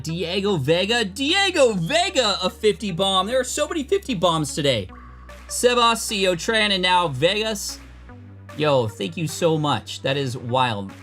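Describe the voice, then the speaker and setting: A man hosting a live card-opening stream, chatting and thanking viewers, bursting into loud excitement over the cards he pulls. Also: mid-range voice. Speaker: host.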